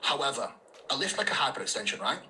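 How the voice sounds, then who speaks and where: A man's voice: medium pitch, sing-song, quick pace, background noise. A man coaching an athlete, earnest and emphatic, repeating his key points and swearing casually. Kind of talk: coaching talk.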